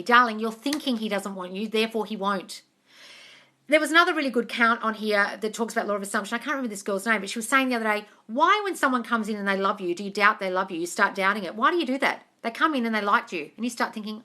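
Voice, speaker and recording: A woman's voice: mid-range voice, lively intonation, fast talker, bright, forceful tone. An Australian woman coaching on a live stream, reading viewer comments and answering them bluntly with plenty of swearing and calls of darling.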